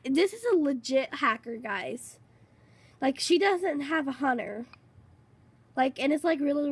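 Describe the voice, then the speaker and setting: A woman giving casual gameplay commentary, excitable and rambling, repeating herself a lot. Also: sits high, dry recording. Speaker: gaming channel host.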